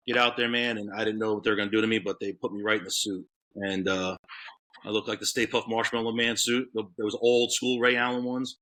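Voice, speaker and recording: A man's voice: fairly low pitch, level tone, quick pace, sharp tone. A man in his thirties from Florida, a guest telling his story in casual chat, rambling with many fillers. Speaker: podcast guest, K9 handler.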